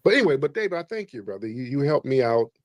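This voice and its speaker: A man's voice: mid-range voice, sing-song, fast talker, no room sound, dull audio. A man hosting a call-in livestream, preachy and emphatic, repeating his points. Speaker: livestream host. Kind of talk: combative call-in livestream talk.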